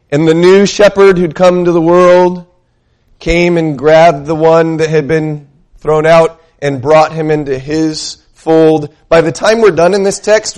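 A male pastor with a somewhat high, slightly mellow voice preaches emphatically. He poses questions to the congregation and reads scripture aloud slowly.

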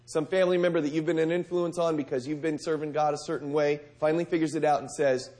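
High-voiced man preaching a sermon. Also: steady tone, quick pace, hardly any pauses, a little mellow. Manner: conversational, asks the audience direct questions.

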